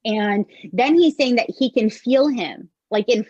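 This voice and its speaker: Brief: expressive woman podcast host, dry close sound, somewhat muffled lo-fi recording. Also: on the high side, a little slow, husky, no room sound. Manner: chatty and expressive, often says "right?". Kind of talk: casual chat recapping a show.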